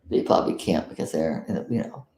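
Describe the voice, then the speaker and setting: A woman's voice: on the low side, mellow, reverberant. A woman from South Florida giving blunt, indignant live commentary as a vlogger, swearing freely.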